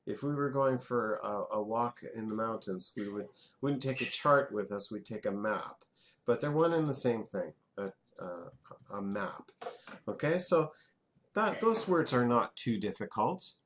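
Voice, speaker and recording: A man's voice: medium pitch, lively intonation, unhurried, a bit bright. A man, teaching a French class in a classroom and having students repeat words back.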